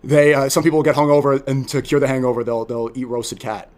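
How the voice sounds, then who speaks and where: A man's voice: medium pitch, little pitch movement, brisk. A young man in casual chat as a content creator, talking emphatically and animatedly, often repeating words. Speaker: podcast guest, content creator.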